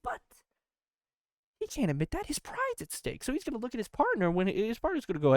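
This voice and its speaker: A sleepy man hosts a comedy podcast, rambling through an absurd monologue and tripping over repeated words. His pitch jumps around with lively swings. The recording is dry and close, with no room in it. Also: fast, dry recording. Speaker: podcast host.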